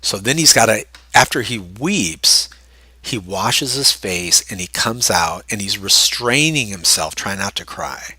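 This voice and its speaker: A man reading scripture aloud and breaking in with casual, animated asides to explain it. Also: on the low side, a little slow, husky, no echo. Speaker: Bible study teacher.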